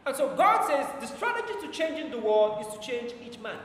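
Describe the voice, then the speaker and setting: A man preaching a sermon to his congregation, his voice rising and falling in volume and slowing deliberately on every scripture line. He is recorded from a distance in a very echoey hall with a long reverb tail and a faint hum of the room behind him. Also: extremely high pitch, sing-song, a bit bright. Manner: emphatic, slows down for scripture quotes, volume rises and falls. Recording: echoey church hall from far off.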